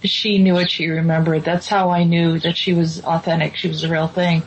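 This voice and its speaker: A woman's voice: on the low side, flat delivery, fairly quick, slightly rough. Hesitant woman hosting, lo-fi sound. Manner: hesitant, many ums and restarts. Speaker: host. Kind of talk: casual spiritual talk show chat. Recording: dull lo-fi sound with faint noise.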